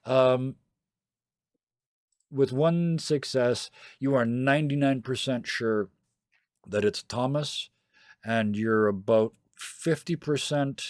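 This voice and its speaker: A man narrating a tabletop game as game master, casual and halting, with many fillers, over voice chat. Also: medium pitch, no echo, clean studio sound.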